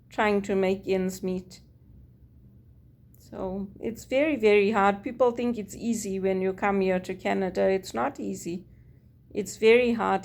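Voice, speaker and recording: A woman's voice: mid-range voice, darkish tone. A woman from Zimbabwe, speaking in a personal monologue, earnest and weary as she recounts her experiences and quotes others. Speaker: vlogger.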